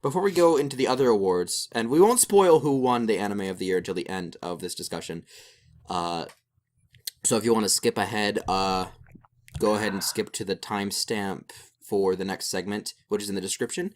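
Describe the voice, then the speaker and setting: A man's voice: lowish voice, brisk. A young man co-hosting a podcast, chatting casually and rambling with lots of fillers. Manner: animated, rambling with many fillers. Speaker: podcast co-host. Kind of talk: casual chat.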